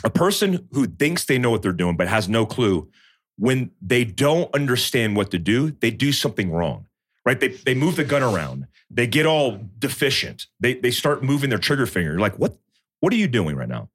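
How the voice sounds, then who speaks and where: Male guest, thirties, animated storyteller, close dry mic. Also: medium pitch, moderate pace, no echo. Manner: storytelling, animated, acts out quotes. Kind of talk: casual chat.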